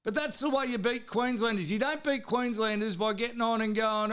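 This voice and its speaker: A high-voiced Australian man rants about sport on his podcast. His voice is smooth and clear, even as he swears hard and now and then shouts. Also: normal speed, few pauses. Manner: heated, swearing, sometimes shouting. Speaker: podcast host. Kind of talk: profane sports rant.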